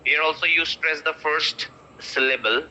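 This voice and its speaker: Bright-voiced man drilling pronunciation. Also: a little high, normal speed. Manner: repeats words over and over, mixing in Hindi phrases. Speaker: English pronunciation teacher. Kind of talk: online class drilling pronunciation. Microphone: video call. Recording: dull lo-fi video call audio.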